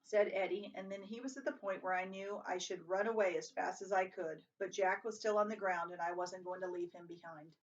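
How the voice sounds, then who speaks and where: A woman's voice: steady tone, brisk, few pauses. A woman reading a novel aloud, lifting her voice for the dialogue, with some slips and restarts. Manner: reads dialogue with raised pitch and volume, some slips and restarts. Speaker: reader. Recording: distant, dull lo-fi home recording.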